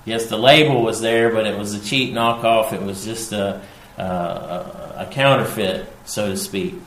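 Slow, emphatic preacher in an echoey room. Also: male voice, fairly low pitch, fairly even intonation, fairly bright tone, slight background noise. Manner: slow and emphatic, repeating key phrases. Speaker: pastor. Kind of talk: sermon. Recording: echoey room with faint ambience.

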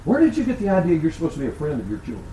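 Older male pastor, animated sermon delivery, roomy sanctuary sound. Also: fairly high pitch, rapid-fire, slight background noise. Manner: preaching with rhetorical questions and storytelling. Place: church sanctuary.

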